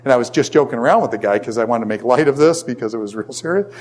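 A man's voice: medium pitch, rapid-fire. Rambling middle-aged male professor. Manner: rambling, animated storyteller with many fillers. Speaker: college professor. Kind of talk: classroom lecture with personal story.

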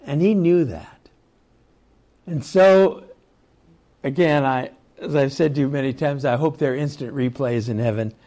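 A man teaching a Bible study, retelling scripture stories in a slow, reflective way and reading passages aloud. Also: mid-range voice, warm tone. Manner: slow, reflective storytelling with chuckles.

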